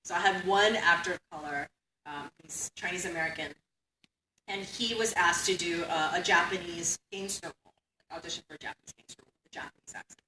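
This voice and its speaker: Woman, academic keynote speaker, conversational lecture, bright voice, distant echoey hall recording. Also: fairly low pitch, quick pace. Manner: conversational, tags points with "right?". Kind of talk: conference lecture. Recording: echoey hall, distant mic, faint hiss.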